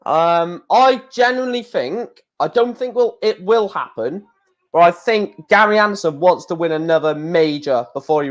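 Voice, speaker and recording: A young man from England hosting a casual darts watchalong stream, chatting excitably with rambling asides and mild swearing. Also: on the high side. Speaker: livestream host.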